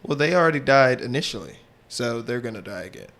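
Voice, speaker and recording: Gravelly man joking through a podcast. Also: mid-range voice, animated, fast, fairly bright tone. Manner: joking, argumentative banter. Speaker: podcast co-host. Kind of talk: casual recap chat.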